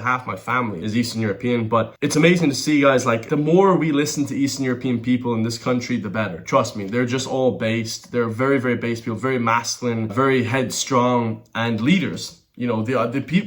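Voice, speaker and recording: An Irish man hosting a reaction video, commenting in a heated, ranting manner and calling his viewers lads. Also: medium pitch. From Ireland. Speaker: host.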